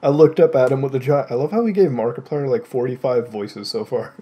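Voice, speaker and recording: A man's voice: medium pitch, brisk, dark tone, slightly rough. Male streamer, comic read-aloud, keeps cracking up, salty asides. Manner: keeps breaking into laughter while reading; swears in exasperated asides. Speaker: streamer reading a joke story aloud with friends.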